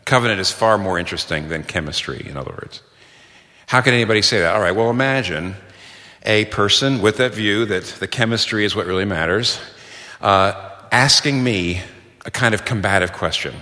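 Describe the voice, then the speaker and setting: A middle-aged male preacher with a fairly low, bright, forceful voice, delivering an earnest sermon. He leans on key phrases, repeating and quoting them for emphasis. His voice rings with the long reverb of a large hall. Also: moderate pace.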